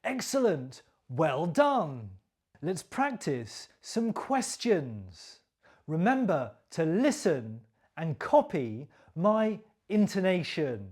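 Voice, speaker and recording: A woman leads a beginner pronunciation drill, pronouncing every sound with careful, deliberate clarity. She speaks very slowly, and her intonation rises and falls widely so learners can copy it. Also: fairly low pitch, sing-song, a little mellow, husky. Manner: careful, deliberate enunciation with exaggerated intonation for repetition. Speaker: pronunciation teacher. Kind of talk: slow scripted pronunciation drill.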